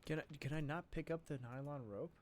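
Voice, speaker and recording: A man's voice: fairly high pitch, fast talker, a little hiss or hum. A young man streaming live, reacting aloud and chatting as he plays a narrative game.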